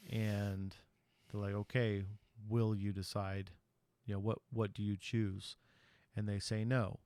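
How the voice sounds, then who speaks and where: A podcast host recaps a film's plot in a chatty, rambling way, full of ums and you-knows. His voice is lowish, fairly even and a little mellow, with some vocal fry, at a normal speed. The recording is dry.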